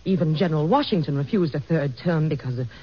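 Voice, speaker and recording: A woman's voice: sits low, fast, husky. A woman playing an earnest, persuasive first lady in a vintage radio drama. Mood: pleading. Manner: earnest, gently insistent. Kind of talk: 1940s radio acting. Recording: dull old radio recording.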